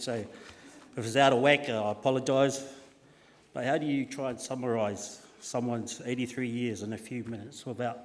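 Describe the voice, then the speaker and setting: A man giving a funeral eulogy from notes, recalling childhood stories with many restarts. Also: mid-range voice. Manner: warm storytelling with frequent uh and restarts. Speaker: family member giving a eulogy. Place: church hall. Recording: long echo of a large church hall.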